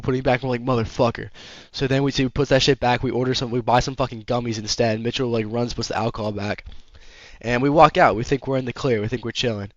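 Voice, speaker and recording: A man's voice: medium pitch, fairly even intonation, a little fast, no room sound, muffled recording. A young man telling a rambling storytime story in casual chat, filled with "like" and swearing. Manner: rambling, heavy swearing, lots of "like". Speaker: vlogger.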